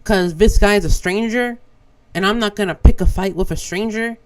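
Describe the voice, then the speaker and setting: A man's voice: sits high, normal speed, rough recording. A young man from Brazil whose first language is Portuguese, a streamer telling a casual story with lots of swearing. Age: young adult. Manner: animated, swears a lot. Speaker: vtuber streamer.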